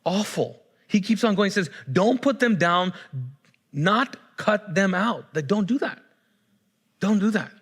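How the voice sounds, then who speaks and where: A man's voice: high voice, animated, a little slow, a bit bright, breathy edge. A male pastor preaching a sermon in a conversational way, often restarting his sentences and building up fervor.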